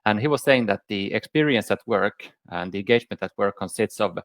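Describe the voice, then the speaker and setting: A man speaking as a panel guest, measured and thoughtful, with frequent "uh" hesitations. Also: fairly low pitch, no room sound. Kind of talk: conversational panel talk.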